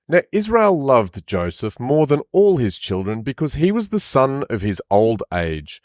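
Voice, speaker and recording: A man's voice: mid-range voice, sing-song, a little slow, a little mellow, no echo, studio quality. A man co-hosting a podcast, reading scripture aloud in a casual, chatty way and stopping often to comment. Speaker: podcast co-host and reader.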